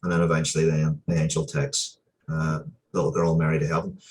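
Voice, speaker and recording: A man telling a story as an interview guest, earnest and heartfelt, often pausing and restarting his sentences. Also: very deep voice, flat delivery. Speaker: interview guest, comic book writer.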